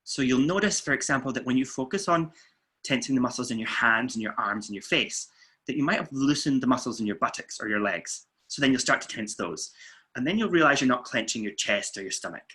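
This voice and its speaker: A man, a weight-loss coach, calmly guiding listeners through muscle tensing and breathing exercises. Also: mid-range voice, brisk, slightly rough. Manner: calm, steady counting and coaching. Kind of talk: guided relaxation instructions. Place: indoors, filming himself.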